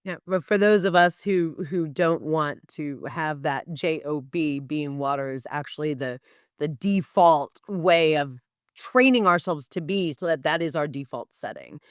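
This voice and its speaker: A woman's voice: sits low, measured pace, no echo, studio quality. A woman hosts a casual interview, reflects on the topic, and backs up her guest. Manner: supportive, affirming listener. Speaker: podcast host.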